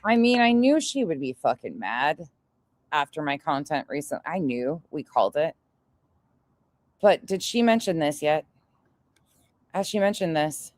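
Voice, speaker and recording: A woman's voice: low voice, sing-song, unhurried, pauses often, darkish tone. A woman hosting a reaction commentary, talking in a sarcastic, blunt and profane way. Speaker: commentary channel host.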